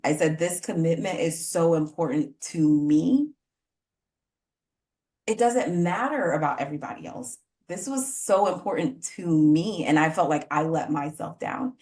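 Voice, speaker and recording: A woman hosting a podcast interview, talking in an effusive, emotional way with many fillers and apologies. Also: deep voice. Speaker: podcast host.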